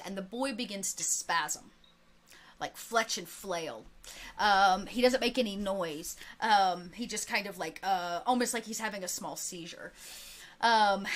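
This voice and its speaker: A woman's voice: medium pitch, a bit bright. A woman running a tabletop game as game master, narrating scenes in a chatty way. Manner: chatty, with many fillers and restarts, quick asides.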